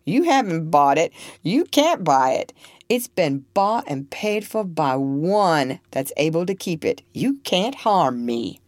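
Woman voicing a gentle steadfast older man, quiet, respectful, dry close sound. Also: low-pitched, very animated, takes it slowly, no echo, full character voice. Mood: calm.

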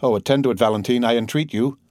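A man's voice: mid-range voice, fast, darkish tone, no room sound, studio quality, voice pushed up, natural voice. A man voicing an eager young man in love who pleads urgently in an audiobook reading.

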